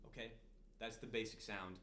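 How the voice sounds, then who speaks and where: Male drum teacher, patient step-by-step explaining, lowish voice, echoey room. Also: fairly even intonation, moderate pace, pushed and bright, soft background music. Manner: patient and conversational, checks in with "okay?". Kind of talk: step-by-step instructional demonstration.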